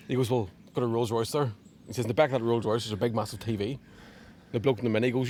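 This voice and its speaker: A man's voice: medium pitch, fairly even intonation, very fast, a little mellow, slight background noise. A Northern Irish man, a comedian, chatting casually in a garden, telling a long joke and laughing often as he swears freely. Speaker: comedian guest. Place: outdoors in a garden.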